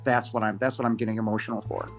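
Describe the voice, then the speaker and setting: A man in his fifties, a podcast guest giving a halting, emotional personal testimony, his voice breaking at times. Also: on the low side, level tone, soft background music. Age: 50s.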